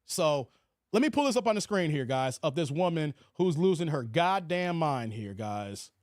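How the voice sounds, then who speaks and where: A man's voice: on the high side, big pitch swings, moderate pace, darkish tone, dry recording, studio quality. A man hosting a casual livestream, chatting loosely and reading viewer comments aloud. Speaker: livestream host.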